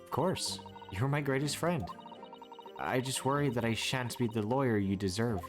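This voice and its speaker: A man voicing a polite, earnest young woman who speaks formally and gently, reading over game music. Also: medium pitch, moderate pace, lightly acted. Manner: formal, gentle, devoted phrasing.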